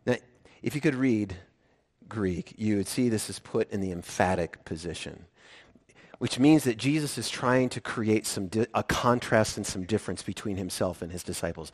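A man preaching a sermon as pastor, animated and playful, acting out voices from the story. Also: a little high, measured pace. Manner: animated, playful, acts out the disciples' lines.

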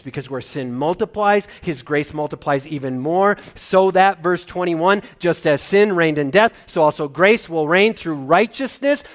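A middle-aged man, a pastor preaching a sermon, talking with animated swings from loud excitement down to hushed, choked-up moments. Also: fairly high pitch.

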